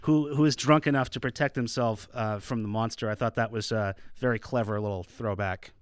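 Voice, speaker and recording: A man co-hosting a podcast, chatting casually about a horror movie, relaxed and rambling. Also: mid-range voice, brisk, smooth, no room sound, studio quality. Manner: relaxed, rambling, laughs often. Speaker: podcast co-host. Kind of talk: casual movie review chat.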